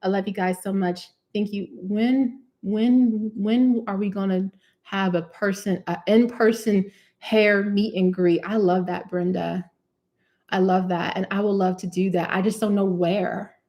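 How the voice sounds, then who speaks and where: A woman's voice: medium pitch, steady tone, measured pace. Chatty woman hosting a livestream. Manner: chatty and warm with viewers, repeats phrases, laughs often. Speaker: cosmetic chemist hosting a live Q&A. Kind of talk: casual livestream chat reading comments.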